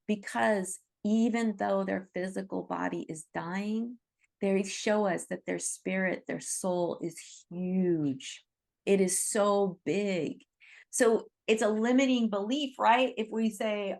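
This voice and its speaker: A woman's voice: medium pitch, fairly even intonation, slow pace, gravelly. A woman leading an online Reiki group by video call, talking in an earnest, reassuring way with many "you know"s. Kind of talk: teaching talk to an online group.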